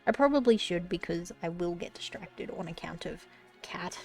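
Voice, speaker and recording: Chatty woman streamer, swearing softly. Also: lowish voice, animated, normal speed, soft background music. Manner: chatty, scolds her cat with frequent swearing, drops to whispers. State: phlegmy. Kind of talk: casual live-stream chat while crocheting.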